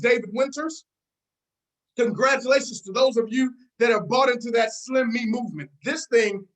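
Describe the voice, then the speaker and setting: A woman's voice: on the high side, rough recording. Fired-up woman leading a pep talk. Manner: fired-up, repetitive, calls out listeners by name. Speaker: team leader hosting a business call. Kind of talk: motivational pep talk on a video call. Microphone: video call.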